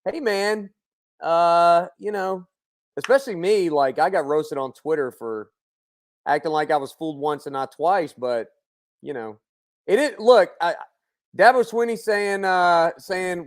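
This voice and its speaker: A man co-hosting a sports talk radio show, talking fast and animated with plenty of fillers. His voice sits a bit on the high side. He sounds casual and quick.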